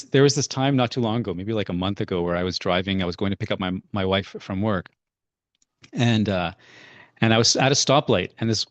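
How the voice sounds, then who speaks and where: Fast-talking man leading a workshop. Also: on the low side, dry recording, lo-fi sound. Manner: chatty, filler-heavy with "like" and "right?". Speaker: parenting workshop presenter. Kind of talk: casual guided workshop talk.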